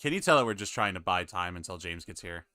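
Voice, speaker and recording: A man's voice: low voice, animated, quick pace, sharp tone, dry recording, clean studio sound. A man hosting a casual stream call with friends, muttering to himself while he fiddles with the stream setup. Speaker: stream host.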